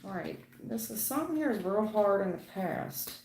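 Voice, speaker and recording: A woman with a gravelly edge gives a live-stream tarot reading in a chatty, folksy way. She calls her viewers honey and baby, and her voice rings in an echoey room. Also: medium pitch, expressive, moderate pace, noisy background. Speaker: tarot reader.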